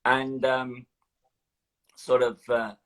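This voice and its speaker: An older man with a London accent, a guest in a casual interview, telling his life story in a lively way with many fillers. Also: medium pitch, drawn-out words. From London, England. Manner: animated storytelling, hesitant fillers.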